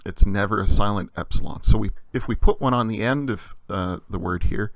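Male lecturer, low gravelly voice, patient explainer with many "uh"s, dry close mic. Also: brisk, no echo. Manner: patient and explanatory, frequent "uh" fillers. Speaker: teacher. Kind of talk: recorded language lecture.

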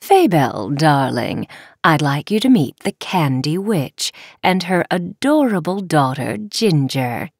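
A woman's voice: sits low, sing-song, slow pace, dry recording, clean studio sound, heavily acted. A woman voicing a gracious, commanding villainous fairy mother in a storybook. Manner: smooth, polite, commanding.

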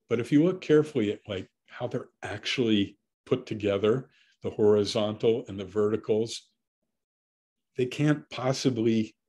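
A middle-aged man giving an art lecture as a curator, speaking thoughtfully with pauses and fillers. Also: on the low side, darkish tone, breathy edge.

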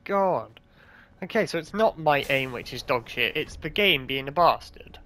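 A man's voice: on the high side, expressive, a little slow, pushed and bright, faint music behind. A man hosting a gaming channel, swearing a lot and ranting angrily as he plays. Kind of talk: gameplay commentary.

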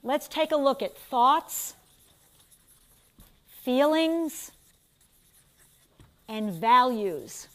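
High-voiced New York woman lecturing. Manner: animated, asks the class questions, quick asides. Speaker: instructor. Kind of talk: classroom lecture.

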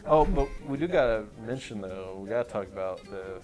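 A man, a film festival director, reviewing short films in a casual podcast chat, talking in halting runs full of restarts. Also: lowish voice, lively intonation, a little mellow, soft background music.

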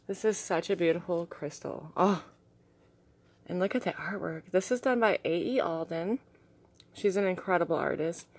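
A young woman talks to her viewers with eager, gushing excitement, a bit out of breath as she shows off her things. Her voice sits a little low for a woman, and now and then she slips into soft, hushed asides. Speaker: vlogger. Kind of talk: casual unboxing chat.

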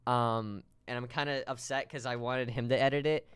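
A man streaming a game live, talking to his chat in an excitable, joking way with sudden shouts. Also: mid-range voice, normal speed, clear, resonant tone, dry recording, clean studio sound.

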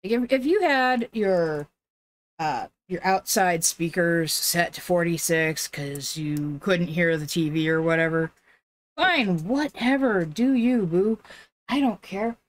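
A game streamer chats casually with her viewers during a live stream and coos baby talk at her dog. She has a fairly low voice and speaks at a slow pace.

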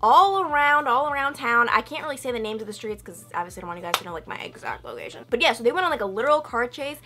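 A young woman vlogging, telling a story in a chatty, animated way and acting out quotes with loud high outbursts. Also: racing. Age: young adult. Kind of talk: casual storytelling vlog.

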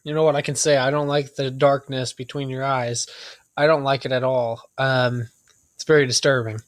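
A young man voicing a creepy, soft-spoken male slasher intruder in a slow, low, unsettling way. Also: little pitch movement, close to an everyday voice.

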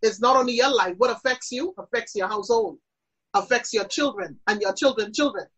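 A woman's voice: a little high, a little fast, a bit bright, husky, highs cut off. A woman minister teaching about prayer in an interview, with an emphatic, preacherly delivery.

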